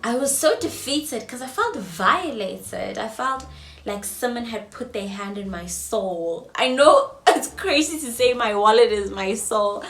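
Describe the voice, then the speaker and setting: A young South African woman in her twenties telling a storytime vlog, swinging between loud outbursts and hushed whispers. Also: medium pitch, expressive, takes it slowly. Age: 20s. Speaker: vlogger. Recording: roomy echo, mic at a distance, faint ambience.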